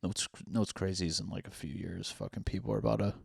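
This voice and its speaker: Young male podcast host, low voice, dry sound, profane and mocking, casual rant. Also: steady tone, quick pace, vocal fry, slightly rough, dry recording. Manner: profane, sarcastic, reads lyrics and captions aloud mockingly.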